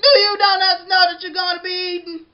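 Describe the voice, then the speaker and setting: A woman playing a loud, jolly baker. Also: very high voice, wildly swooping pitch, moderate pace, pitched above the performer's own voice, exaggerated voice. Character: cheerful, loud male baker. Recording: dull lo-fi recording.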